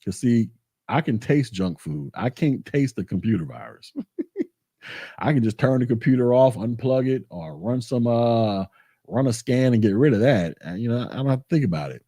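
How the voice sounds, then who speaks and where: Male vlog host, warm and dark in tone, chatty and animated, recorded dry. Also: mid-range voice, moderate pace, slightly rough, no echo. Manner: animated storytelling, colloquial, repeats himself. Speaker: tech channel host. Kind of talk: casual vlog chat.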